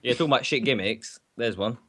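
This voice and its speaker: A man's voice: medium pitch, quick pace, a bit bright. A man hosting a casual podcast, bantering and laughing with friends. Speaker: podcast host. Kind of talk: casual group chat.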